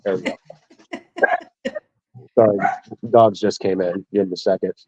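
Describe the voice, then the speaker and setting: A man's voice: deep voice, level tone, normal speed, dark tone, breathy edge, no room sound. A male military veteran telling stories in a casual interview, easygoing and chuckling as he talks. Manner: easygoing, chuckles through his anecdotes. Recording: dull lo-fi dry sound.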